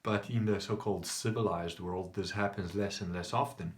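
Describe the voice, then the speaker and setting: A man's voice: sits low, steady tone, moderate pace. A man hosting his own video, telling a story in a casual monologue, swearing now and then. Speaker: video host.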